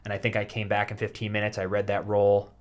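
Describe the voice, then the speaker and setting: A man's voice: on the low side, monotone, fast. A man in his thirties, co-hosting a casual podcast chat, rambling with many restarts and fillers. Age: 30s. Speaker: podcast co-host and soap actor.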